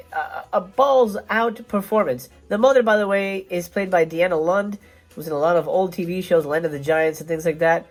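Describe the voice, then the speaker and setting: A man hosting a casual film review show, talking in a chatty, rambling way with lots of fillers and restarts. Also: high-pitched.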